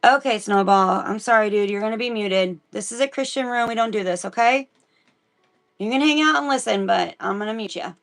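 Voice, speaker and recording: This Missouri woman hosts a casual Bible reading on a livestream, chatting as she goes and pausing to address the people watching. She speaks briskly in a mid-range voice.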